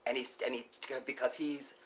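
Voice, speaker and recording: A man talking live to his viewers in an emotional monologue, breaking off and restarting, swinging from loud urgent pleas to hushed near-whispers. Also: medium pitch, level tone, poor audio. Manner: halting, restarts often. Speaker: live streamer.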